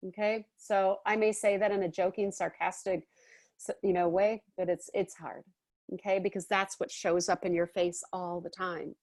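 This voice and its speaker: A woman's voice: medium pitch, little pitch movement, moderate pace, a little mellow, dry recording. Chatty woman teaching a class, dry sound. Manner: chatty, often checks in with "okay?" and "all right?".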